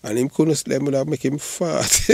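A man's voice: medium pitch, gravelly, mellow, no echo. A man with a Jamaican accent giving rambling, casual patois commentary, often repeating "you know". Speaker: online commentator.

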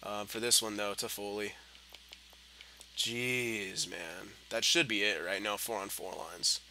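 Young guy doing game commentary, sharp bright voice, cussing and grumbling, yells at the screen. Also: fairly low pitch, steady tone, slow, slight background noise. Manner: frustrated, swearing, muttering then yelling at the game. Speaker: gaming commentator. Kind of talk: gameplay commentary.

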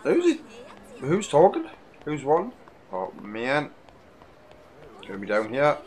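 A man commentating casually on a video game he plays, crude and jokey, swearing often and breaking into loud outbursts. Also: medium pitch, wildly swooping pitch, slow pace. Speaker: let's play gamer.

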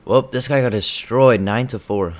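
A young man giving live commentary over his own gameplay, excitable and trash-talking, swinging between muttering and shouting. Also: mid-range voice, normal speed, over loud music. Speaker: gaming video creator.

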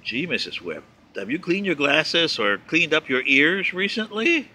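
A man's voice: a little high, very animated, a little slow, sharp tone. A man giving a sarcastic, mocking political commentary, reading and answering viewer letters.

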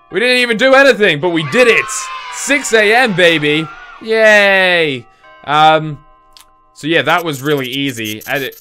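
A man giving casual let's play commentary on a horror game, chatty and confused, reacting out loud. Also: on the high side. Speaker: gaming video host.

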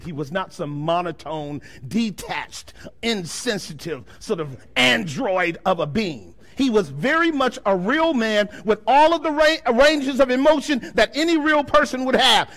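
A pastor preaches a sermon with a very high, expressive voice, firing rhetorical questions at his congregation. He swings between loud declarations and quiet, slow passages.

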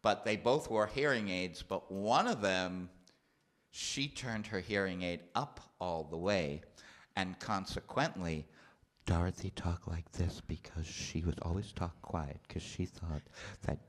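A man in his fifties, a comedian telling stories in a studio chat and acting out the people in them. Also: measured pace. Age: 50s. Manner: animated, acts out characters in a high loud voice. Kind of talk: stand-up storytelling chat. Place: TV studio with live audience.

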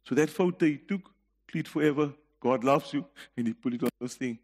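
This middle-aged South African guest preacher tells stories with earnest conviction in a sermon built on personal testimony, laughing between points. His mid-range, darkish voice moves fairly quickly and carries a big-room sound.

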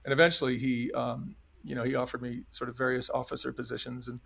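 A middle-aged podcast guest who was a restaurant chain executive speaks fast in a mid-range voice with flat delivery, creakiness, a touch of brightness and a breathy edge. He tells his story earnestly and emphatically, often acting out dialogue.

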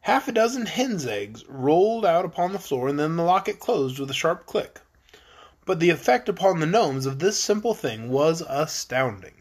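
A man narrating a children's fantasy book in a steady storytelling manner. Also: a little high, moderate pace, slightly rough. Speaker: audiobook narrator. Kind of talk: storybook reading.

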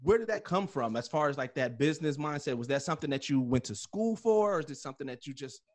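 A man's voice: a little high, lively intonation, fast talker. A man hosting a casual podcast interview, laughing easily as he talks and asking questions. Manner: laughs often while telling a story, then asks questions. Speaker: podcast host.

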